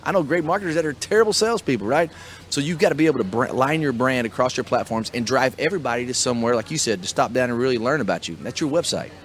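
A middle-aged man hosts a casual podcast chat and coaches small business owners in an upbeat, motivational way. He talks quickly and keeps pressing his point. A faint room ambience sits under his voice. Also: medium pitch, lively intonation, a little hiss or hum. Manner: fast, enthusiastic, motivational.

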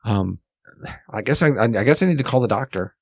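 A man's voice: mid-range voice, animated, fairly quick, slightly rough, no room sound, studio quality. A man voicing a worried, kindly female nurse in a tabletop game, speaking in a soothing, fretful way.

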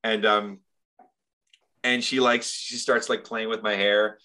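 A man recounting a story in casual podcast talk, bright and forceful in tone. He rambles and swears freely, with an animated push to his delivery. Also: fairly low pitch, slow.

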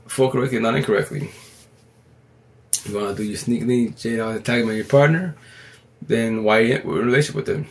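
Low gravelly man rambling on a livestream. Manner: rambling, slangy, talks fast. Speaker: livestream host. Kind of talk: casual livestream monologue. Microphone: phone.

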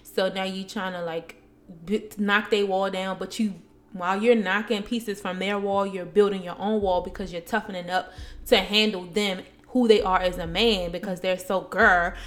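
A woman's voice: medium pitch, fairly even intonation, normal speed. A young adult woman co-hosting a podcast, telling stories in casual chat with blunt, profane talk. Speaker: podcast co-host.

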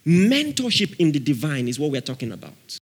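A man preaching a sermon with fervor, calling out to his congregation and rising at times to shouts. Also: fairly high pitch, big pitch swings, a little fast, breathy edge. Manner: fervent, calls out to the congregation.

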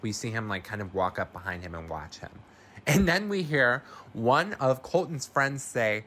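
A man casually recapping a horror film as a host, animated and chatty, acting out the characters' lines between narration. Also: medium pitch, moderate pace. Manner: animated, swears and laughs, acts out characters' lines.

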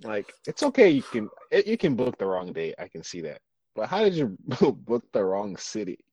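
A man's voice: on the low side, wildly swooping pitch, normal speed, darkish tone, slightly rough, no echo, highs cut off. A man co-hosting a casual podcast, teasing his co-host and laughing a lot.

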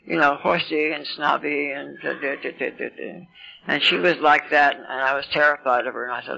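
An elderly woman in her eighties with a deeply gravelly voice and a bright, sharp edge tells her life story at a recovery meeting. She rambles and pokes fun at herself with wry asides. The sound is dull and lo-fi, like an old meeting tape. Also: fairly even intonation, normal speed. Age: 80s. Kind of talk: personal recovery story talk.

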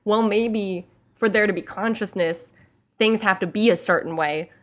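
A woman in a casual movie discussion, playful and giggly, tossing in quick jokes. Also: medium pitch. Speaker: podcast co-host.

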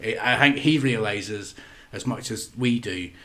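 A man's voice: on the low side, a little slow, fairly bright tone. A man co-hosting a casual podcast chat, blunt and sweary, laughing often and acting out quotes. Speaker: podcast co-host.

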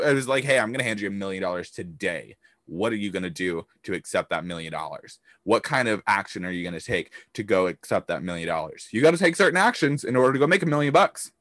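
A man's voice: mid-range voice, lively intonation, fast talker, fairly bright tone, no echo, clean studio sound. A man hosting a motivational business podcast, talking emphatically, swearing casually and acting out hyped-up voices. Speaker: podcast host and business coach.

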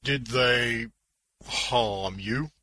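A man's voice: medium pitch, very slow, sharp tone, dry recording, exaggerated voice, low-quality recording. A man voicing a protective, reassuring male hero in an audiobook story. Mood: steady.

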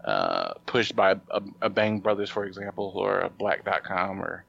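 A man chats loosely on a podcast, circling back and restarting his thoughts. His voice has a gravelly rasp. The recording sounds slightly muffled. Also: low-pitched, animated, moderate pace, fairly bright tone. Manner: rambling, with many fillers and restarts. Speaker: podcast host. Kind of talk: casual podcast banter.

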